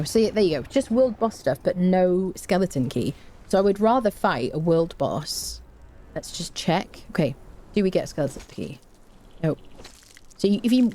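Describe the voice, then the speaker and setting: A woman's voice: deep voice, mellow, a little hiss or hum. A woman hosting a let's play, chatting casually as she plays and humming little tunes between remarks. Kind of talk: casual gameplay commentary.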